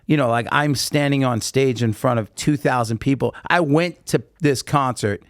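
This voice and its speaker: A man's voice: mid-range voice, moderate pace, no echo. A man sits in as a podcast guest, spinning loose, rambling stories full of ums and restarts. His voice sits in an ordinary middle register and sounds close and dry, with no room around it. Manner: rambling, animated anecdotes with many fillers. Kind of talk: casual storytelling interview.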